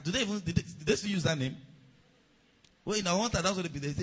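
A man preaching a sermon as a pastor, calling on the congregation to respond and rising to shouts. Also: high-pitched, quick pace, pauses often, husky, poor audio.

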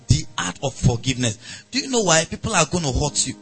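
Nigerian male pastor, slightly high voice, animated sermon delivery, soft music underneath. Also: fast talker. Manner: animated preaching, acts out angry voices, laughs.

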